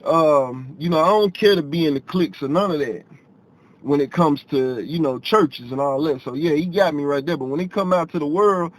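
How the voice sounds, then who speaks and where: A man talks casually to his viewers. He repeats phrases for emphasis and acts out conversations as he recounts a story in a loose, animated style. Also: fairly high pitch, moderate pace, poor audio. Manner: animated, repeats himself, quotes others in dialogue. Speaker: vlogger telling a personal story.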